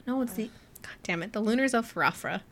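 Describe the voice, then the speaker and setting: A woman co-hosting a casual book club podcast, retelling scenes in an animated way and acting out the characters' lines. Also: fairly high pitch, normal speed, slight background noise. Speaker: podcast co-host.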